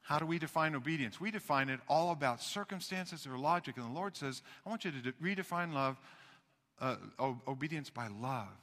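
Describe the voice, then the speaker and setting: A man preaching a sermon as pastor, folksy and animated, full of rhetorical questions and restarts. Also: fairly high pitch, fairly quick, long reverb tail.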